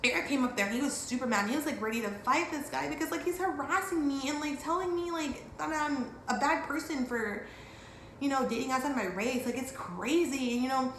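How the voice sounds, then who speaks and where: A woman from Dallas telling a story in a casual vlog, animated and acting out what people said. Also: fairly quick. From Dallas, Texas. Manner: animated, acts out quotes with big pitch jumps. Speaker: vlogger. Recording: echoey room with faint background hiss.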